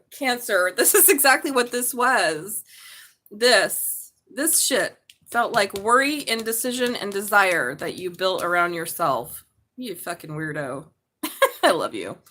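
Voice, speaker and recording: A woman's voice: medium pitch, fairly bright tone. A woman doing a live tarot reading, chatty and blunt, swearing and laughing as she talks. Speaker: tarot reader.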